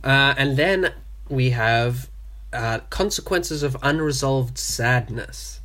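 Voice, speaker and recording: The voice is a man of middle pitch talking through scripture on a podcast, relaxed and chatty. He reads short verses aloud and then unpacks them in plain words, trailing off with "uh" and "you know" as he thinks. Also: takes it slowly. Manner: explains and reads verses conversationally with fillers. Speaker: podcast host. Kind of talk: casual Bible study discussion.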